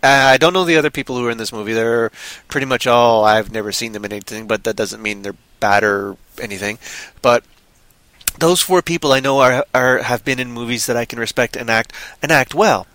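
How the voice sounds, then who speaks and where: A man's voice: medium pitch, fairly quick, a bit bright, no echo. A man ranting sarcastically in casual chat about a movie he disliked. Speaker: movie reviewer.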